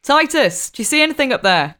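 A woman playing a tabletop game with friends, animated and quick to laugh. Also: sits high. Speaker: player. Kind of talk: tabletop role-play chat.

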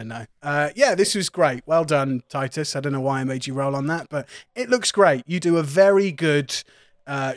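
A man's voice: on the high side, no room sound, clean studio sound. A man running a tabletop game as game master, chatty and often laughing. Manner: giggly, loose and chatty.

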